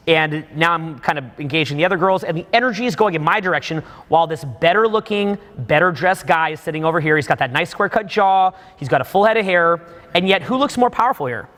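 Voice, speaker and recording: A dating coach in his thirties gives emphatic, profane live commentary on video footage for a class of students. His voice is fairly high and a bit bright, with a long reverb tail.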